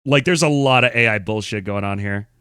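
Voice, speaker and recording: A man's voice: lowish voice, brisk, pushed and bright, clear, resonant tone, dry recording, clean studio sound. A man hosting a stream, reading and reacting in casual commentary, blunt and incredulous, swearing freely. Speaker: streamer host.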